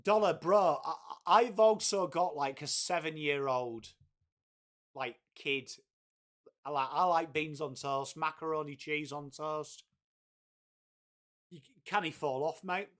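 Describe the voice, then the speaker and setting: A livestream host from Whitby, England, with a laddish, higher-pitched voice and a fairly bright tone. He talks slowly with long pauses in a casual watchalong, reading out viewer messages, bantering, calling people "mate" and swearing freely.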